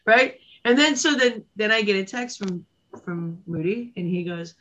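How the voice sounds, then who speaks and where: A woman's voice: medium pitch, fairly even intonation, moderate pace, a bit bright, dull audio. A woman guest on a podcast, telling a story in casual chat, swearing a lot and acting out her own reactions.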